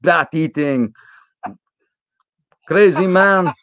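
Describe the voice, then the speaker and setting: A man voicing a gruff Eastern European restaurant owner who talks in blunt broken English, over muffled call audio. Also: on the high side, very slow, bright, forceful tone, dry recording, exaggerated voice. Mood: indignant.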